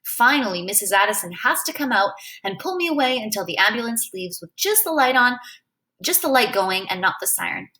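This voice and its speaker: A woman reading a novel aloud as a first-person storyteller, in an expressive way. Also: fairly high pitch, a little fast. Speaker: reader.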